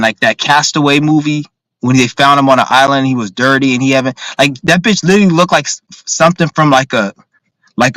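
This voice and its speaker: A man's voice: mid-range voice, fairly bright tone, no room sound, rough recording. A man ranting casually on a livestream, profane and rambling with lots of filler words. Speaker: streamer.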